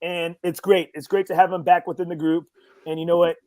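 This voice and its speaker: Podcast host: Texan man, high-pitched, loud profane banter, dry recording. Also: little pitch movement, brisk, no room sound. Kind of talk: casual chat.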